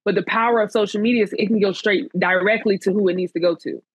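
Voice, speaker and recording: A woman journalist appearing as a guest in a casual interview chat, speaking in an animated, encouraging, almost preacher-like way. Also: medium pitch, fast, husky, no echo, dull audio.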